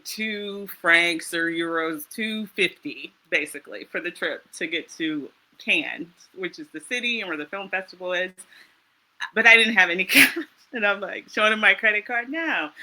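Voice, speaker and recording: Bright-voiced laughing American woman. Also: mid-range voice. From United States. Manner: animated storytelling, laughs often. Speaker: interview guest. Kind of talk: casual chat.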